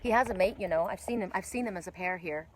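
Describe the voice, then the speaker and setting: A woman giving an oracle card reading outdoors by the water, talking excitedly and breaking into gasps and exclamations. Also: on the low side, fast talker, a little hiss or hum.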